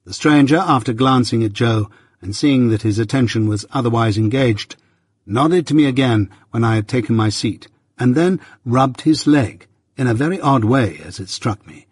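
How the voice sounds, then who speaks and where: Brief: male narrator, husky tone, dry close sound, measured literary reading. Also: medium pitch, no echo. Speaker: audiobook narrator. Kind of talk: scripted narration.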